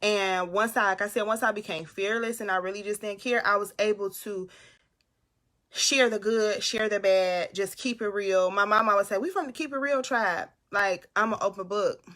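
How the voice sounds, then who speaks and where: A woman on a casual live stream, talking loud and animated straight to her viewers, giving them a pep talk. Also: medium pitch, normal speed. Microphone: phone or webcam.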